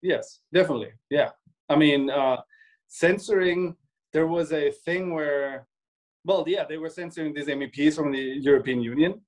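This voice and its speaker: A man's voice: on the high side, moderate pace, rough recording. A man co-hosting a casual discussion, thinking aloud with many restarts and acting out imagined quotes. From Germany. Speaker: co-host.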